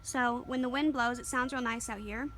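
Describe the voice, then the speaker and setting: A woman with a somewhat high voice shows off her garden on a handheld camera. She rambles at an easy pace, full of ums and quick apologies. Faint open-air ambience hangs behind her voice. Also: steady tone, fairly bright tone, slight background noise. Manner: rambling, easygoing, full of fillers and small apologies. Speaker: garden vlogger. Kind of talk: casual garden tour. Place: outdoors in a home garden. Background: faint outdoor ambience, passing planes.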